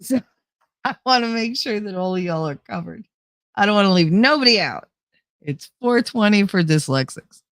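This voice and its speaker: A woman's voice: medium pitch, lively intonation, normal speed, no echo, clean studio sound. A woman with a New Jersey accent hosting a casual livestream chat, laughing often and going nasal at times. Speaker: host.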